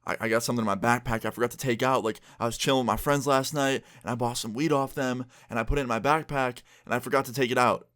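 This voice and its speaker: A man's voice: medium pitch, steady tone, quick pace, few pauses, fairly bright tone, lightly acted. A man voicing an anxious teenage boy who begs a friend for help, in a casual storytime vlog. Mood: pleading. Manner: begging, panicky.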